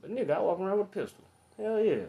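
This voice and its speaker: A man's voice: sits high, animated, fast talker, dark tone. A man, talking in a casual, profane monologue, blunt and opinionated and full of strong swearing. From United States. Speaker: commentator.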